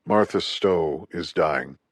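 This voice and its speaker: A man narrating an audiobook and voicing a measured male intelligence officer who speaks in quiet warnings. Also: sits low, no echo.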